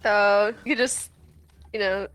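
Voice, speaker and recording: A woman's voice: medium pitch, steady tone, takes it slowly, fairly bright tone, clear, resonant tone, soft background music, low-quality recording. A young woman from the United States, teasing and doubting a fellow player while they game together. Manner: teasing, giggly, skeptical. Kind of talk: casual gaming banter.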